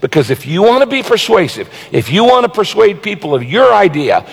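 A man with a somewhat high voice preaches with emphasis, driving points home by repeating them. He slows down deliberately whenever he reads a Bible verse aloud. His voice trails off into a long echo, like a big church auditorium. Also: big pitch swings, vocal fry, husky. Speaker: pastor. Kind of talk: sermon.

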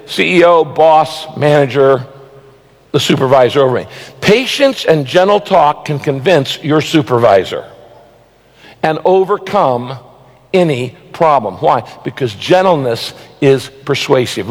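A man with a somewhat high voice preaches with emphasis, driving points home by repeating them. He slows down deliberately whenever he reads a Bible verse aloud. His voice trails off into a long echo, like a big church auditorium. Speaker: pastor. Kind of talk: sermon.

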